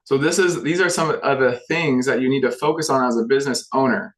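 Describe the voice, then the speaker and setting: A man's voice: mid-range voice, a little fast, poor audio. Emphatic motivational insurance sales leader, man. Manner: emphatic, repetitive, keeps asking "right?". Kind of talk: motivational talk.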